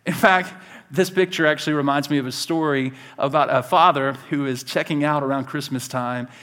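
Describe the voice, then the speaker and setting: A man preaching a sermon to his church, animated and conversational, laughing along with his stories and talking straight to the congregation. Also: fairly high pitch, fairly quick. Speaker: pastor.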